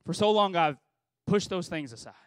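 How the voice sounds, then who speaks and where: A pastor in his thirties preaches to graduates in a loose, conversational way, piling up rhetorical questions and repeating himself for emphasis. His voice sits high for a man, and the recording is dry and close. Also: animated, moderate pace, clean tone, dry recording. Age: 30s. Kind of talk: sermon. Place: graduation service hall.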